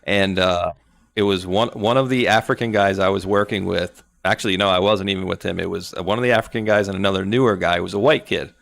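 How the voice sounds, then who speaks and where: Man host, low gravelly voice, casual livestream chat, rambling jokey stories. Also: fairly even intonation, a little fast, a bit bright.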